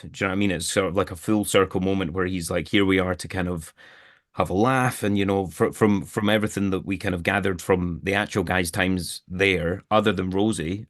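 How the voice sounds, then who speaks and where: A man with a low voice chats loosely as a guest on a podcast. He rambles with restarts and fillers. The sound is dry and close. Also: a bit bright, dry recording. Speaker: actor guest. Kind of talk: casual interview chat.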